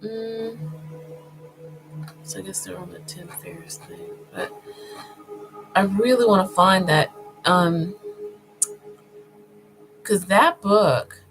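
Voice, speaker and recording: A woman vlogger talking casually as she browses online, thinking aloud with many pauses and fillers, and speaking directly to her viewers. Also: lowish voice, poor audio. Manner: addresses viewers informally.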